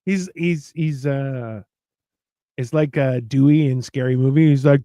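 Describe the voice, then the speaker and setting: In a mid-range voice at a measured pace, a middle-aged co-host of a cooking stream chats casually as he cooks. He's a lively storyteller who swears and performs the lines of the people he describes, and there's no echo.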